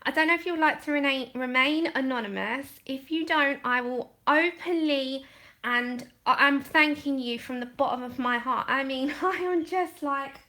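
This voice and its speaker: A woman hosting a casual colouring livestream, gushing and excitable, laughing often and trailing off mid-sentence, heard from a camera set back from her desk. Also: high voice, moderate pace. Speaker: colouring channel host. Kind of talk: casual livestream chat while unboxing.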